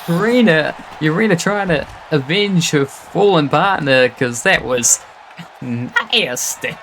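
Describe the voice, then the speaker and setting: A man calling a wrestling match live, rattling off moves between gasps and exclamations. There is clear background noise under his voice from a live stream mix. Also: on the high side, lively intonation, a bit bright, poor audio. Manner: fast reactive play-by-play, frequent gasps and exclamations. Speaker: play-by-play commentator. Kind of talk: excitable wrestling commentary.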